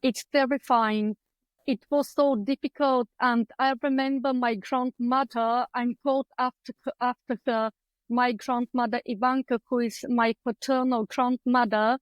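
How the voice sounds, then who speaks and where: A woman with a Bulgarian accent talks in English, her second language, with a bright, high voice. She tells her story earnestly, pausing and restarting often, and the sound is dry and close. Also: fairly even intonation, no room sound, rough recording. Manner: earnest, heartfelt, with frequent hesitations. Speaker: guest, clinical psychologist. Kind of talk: candid personal storytelling.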